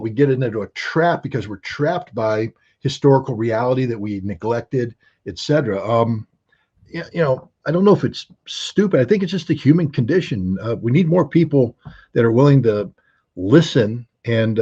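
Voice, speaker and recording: Husky lo-fi man, measured and reflective. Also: medium pitch, warm tone. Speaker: guest commentator. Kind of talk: live call-in show discussion.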